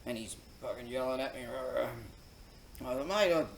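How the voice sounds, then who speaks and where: Australian guy, crude rambling storyteller, mid pitch, echoey room with faint hum in the background. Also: level tone, normal speed, gravelly. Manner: rambling, crude and profane, many fillers, laughs at own story. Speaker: host. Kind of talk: casual storytelling monologue.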